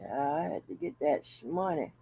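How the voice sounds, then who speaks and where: A woman's voice: deep voice, animated, normal speed, gravelly, warm tone, breathy edge. A woman hosting a casual commentary vlog, chatting bluntly and jokingly to her viewers with plenty of profanity. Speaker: channel host.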